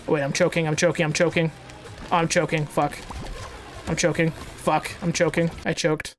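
A gamer talks through a platform game in loose, casual commentary, cursing freely and hyping up their own skill. Quiet game music sits under the voice. Sudden excited yelps break up the running chatter. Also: mid-range voice, moderate pace. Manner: profane, excitable, boastful trash talk with sudden outbursts. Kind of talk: casual let's-play commentary. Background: faint game music.

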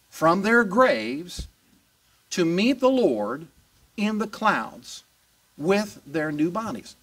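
Male pastor, slow animated sermon delivery, picked up from a distance. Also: on the high side. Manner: animated, emphatic preaching. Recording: voice distant from the mic.

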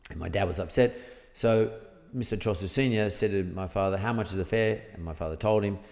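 A man's voice: on the low side, a little fast, a little mellow, long reverb tail. A middle-aged Australian man telling a rambling anecdote as a podcast guest, acting out the dialogue he quotes. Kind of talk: casual storytelling.

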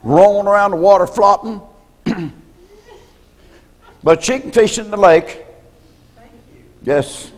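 An older man preaches a sermon in a folksy, storytelling way, pausing often to clear his throat. His voice sits fairly high for a man. The sound rings with the long reverb of a church hall. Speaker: pastor.

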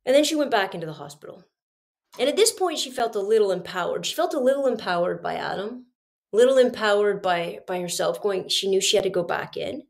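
In a brisk, creaky mid-range voice with lively intonation, a middle-aged podcast host tells her listeners a personal story, earnest and confiding as she speaks straight to them.

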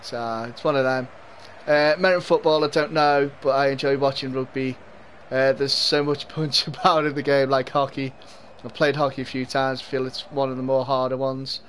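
A man's voice: medium pitch, flat delivery, moderate pace, a bit bright, slight background noise. A young man with a mild Liverpool Scouse accent, chatting with viewers and laughing often while he commentates a football video game. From Liverpool, England. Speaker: gaming streamer. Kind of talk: live gameplay commentary and chat with viewers.

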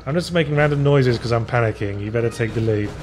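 A man's voice: mid-range voice, fast, a little mellow. A man giving dry, sarcastic commentary while playing a video game, humming and muttering to himself as he goes. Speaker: let's play co-host. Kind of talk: casual gameplay commentary.

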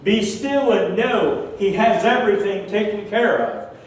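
An older male pastor preaching a sermon, telling a personal story slowly and earnestly, his voice often softening at the ends of phrases. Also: high voice, animated, slight background noise. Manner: slow, earnest, emotional storytelling with soft trailing endings. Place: large church sanctuary. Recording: very echoey church hall, distant mic.

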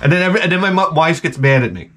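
A man hosting a video, telling a rambling, profane story full of restarts and acting out quoted people in a higher voice. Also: animated, very fast, fairly bright tone, a little hiss or hum. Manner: jumps up in pitch to act out quoted people. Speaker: video host. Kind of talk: casual rambling anecdote.

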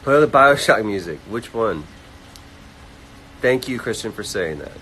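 A man hosting a casual livestream, reading fan comments aloud and answering them quickly. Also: lowish voice, big pitch swings, sharp tone, slight background noise, rough recording. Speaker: livestream host answering chat. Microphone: phone livestream.

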